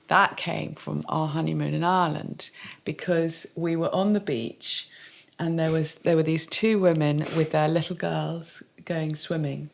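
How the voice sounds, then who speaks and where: A woman's voice: low voice, gravelly. A middle-aged woman with an English accent, co-hosting a casual family chat and telling stories with frequent laughter. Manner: storytelling, laughs often, lively anecdotes. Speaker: podcast co-host.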